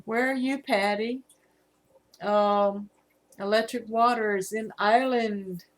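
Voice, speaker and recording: Slow-talking Southern woman in her fifties. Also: medium pitch, steady tone. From Virginia, USA. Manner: chatty, reads viewer comments aloud, laughs easily. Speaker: livestream host. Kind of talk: casual live-stream chat.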